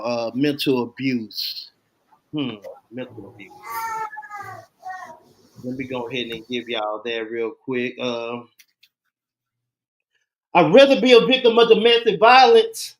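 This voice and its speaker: A man chatting casually and then reciting spoken-word poetry in a laid-back, slangy, deliberate way over a streamed call. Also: medium pitch. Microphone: video call stream.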